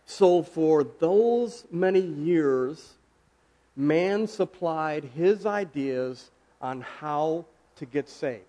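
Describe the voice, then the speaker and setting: Male preacher, slightly high voice, casual sermon, talks with the room and asks questions, slows on key words. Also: expressive, dark tone. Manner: conversational, asks the audience questions, slows for emphasis.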